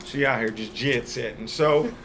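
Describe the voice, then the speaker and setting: A man's voice: medium pitch, moderate pace, crowd noise. Playful, slangy young man hosting. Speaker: podcast host. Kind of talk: casual podcast chat.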